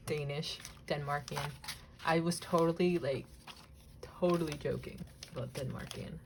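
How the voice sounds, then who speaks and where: A young woman chatting casually while cutting images from a magazine, rambling, laughing often, swearing lightly and now and then dropping to a soft whisper. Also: low-pitched, measured pace, background noise. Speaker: crafting vlogger. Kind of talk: casual chatty crafting vlog.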